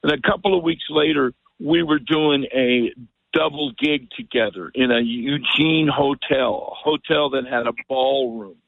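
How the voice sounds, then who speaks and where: An older man with a deeply gravelly, husky voice tells a winding story as a radio guest. He keeps slipping into the voices of the people in it. The sound is dry and thin, coming down a phone line. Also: unhurried, no echo. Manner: rambling, animated storyteller who acts out quotes. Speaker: guest musician. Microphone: telephone.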